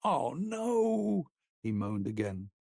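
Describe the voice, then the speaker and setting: A male narrator voicing a terrified young boy who cries and wails his pleas in a high, breaking voice. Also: animated, measured pace, gravelly, dark tone, slightly rough, no echo, clean studio sound, full character voice. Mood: sobbing. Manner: crying, repeating pleas in a high wail.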